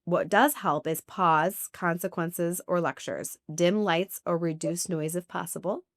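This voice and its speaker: Low-voiced woman therapist, measured and steady. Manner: measured, steady, lists points. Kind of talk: calm explanatory advice.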